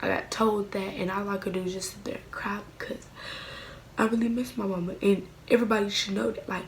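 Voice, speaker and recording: A woman's voice: mid-range voice, fairly even intonation, brisk, a little hiss or hum. A woman talking in a rambling, heartfelt personal vlog at home at night, often near tears. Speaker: vlogger.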